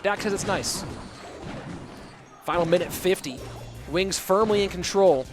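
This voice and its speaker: High-voiced hype esports caster over music. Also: male voice, a little slow. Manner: excitable play-by-play with hype bursts. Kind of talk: live game commentary mixed with chat replies. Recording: game music clearly behind.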